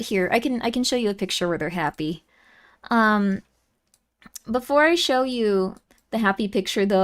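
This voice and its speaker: A woman's voice: a little high, fairly bright tone. A young woman streaming and chatting casually with viewers, giggly and easily moved, with lots of fillers.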